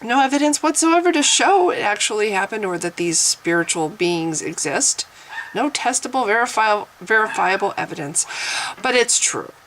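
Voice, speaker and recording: A woman's voice: mid-range voice, animated, normal speed, a bit bright, a little hiss or hum, low-quality recording. A woman talking straight to camera in an opinion vlog, sarcastic and argumentative, often repeating herself as she presses her point. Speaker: vlogger.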